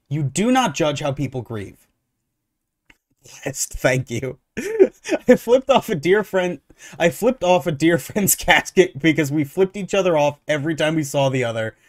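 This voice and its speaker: A male streamer talking through online posts in a lively, sarcastic rant. His voice sits a little high for a man, and the sound is dry and close with no room echo. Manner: animated, sarcastic, opinionated ranting. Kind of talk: casual reaction commentary.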